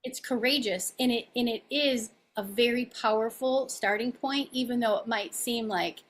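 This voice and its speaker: A woman's voice: a little high, moderate pace, a little hiss or hum. A woman life coach speaking as a podcast guest in a chatty, casual way, often asking "right?".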